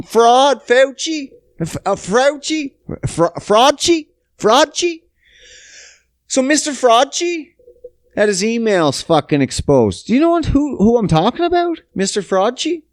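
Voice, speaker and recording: A young Canadian man hosts a casual solo podcast, ranting profanely and sarcastically. His voice is extremely high, with big swings in pitch, and he takes his time. The audio is studio quality and dry, with no room sound.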